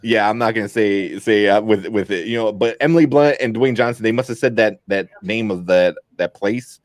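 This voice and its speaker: A man co-hosting a podcast, chatting about a movie in a rambling, animated way with lots of fillers. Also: fairly low pitch, moderate pace, dry recording, clean studio sound. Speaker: podcast co-host. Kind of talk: casual movie review chat.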